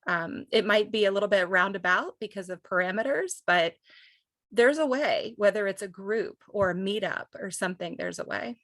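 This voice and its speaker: A woman's voice: mid-range voice, moderate pace, a bit bright, dry recording. A woman who is a parent of a child with Duchenne, talking candidly and chattily with lots of fillers. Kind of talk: conversational webinar sharing. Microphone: video call microphone.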